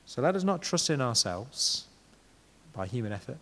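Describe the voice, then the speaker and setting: A man's voice: medium pitch, big pitch swings, normal speed, fairly bright tone, in a large hall. A man preaching a sermon in a conversational way, often asking his listeners rhetorical questions.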